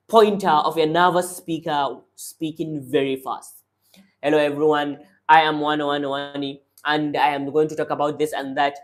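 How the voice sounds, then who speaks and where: A man teaching public speaking as a coach, giving direct, instructive tips in short commands. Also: high-pitched. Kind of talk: motivational speaking lesson.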